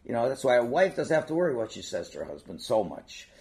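A man's voice: medium pitch, fast. An older man teaching a casual religious class, digressing and acting out quotes with lots of feeling. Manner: animated, digressive, acts out quotes.

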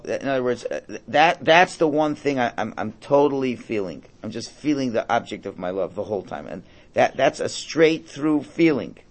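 A middle-aged man with a medium-pitched voice leads a religious class, translating a Hebrew text aloud. His delivery is conversational and jokey, with plenty of restarts.

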